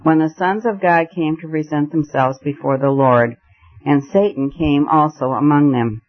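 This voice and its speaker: A man's voice: on the high side, normal speed, no room sound, natural voice. A man reading the part of a drowsy man murmuring half-asleep, on a muffled lo-fi recording.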